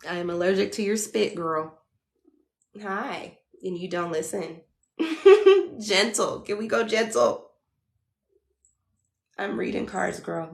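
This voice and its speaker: Chatty woman tarot reader live from home, slangy and blunt, gravelly lower voice, echoey room. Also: normal speed, long pauses. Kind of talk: casual livestream talk.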